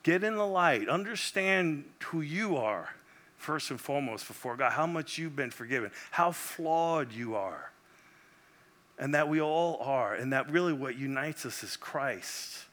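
Fervent Puerto Rican pastor, bright voice. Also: male voice, a little high, animated, a little slow. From Puerto Rico. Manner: passionate, swinging between loud exclamation and quiet prayer. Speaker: visiting pastor. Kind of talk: sermon.

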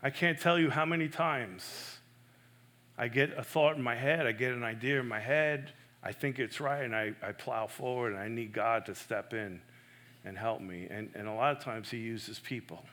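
A man preaching a sermon in an earnest, emphatic way. He swings between loud stresses and soft, hushed asides. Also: medium pitch, moderate pace. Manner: self-correcting, personal and earnest.

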